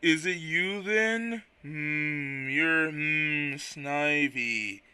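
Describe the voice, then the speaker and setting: A man's voice: a little high, sharp tone, clear, resonant tone, no room sound, pitched below the performer's own voice, exaggerated voice. A man doing Quagsire, a drowsy humming drawl. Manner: very slow drawl with long humming pauses. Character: slow, drowsy male Quagsire land keeper. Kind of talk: voice acting while reading game dialogue.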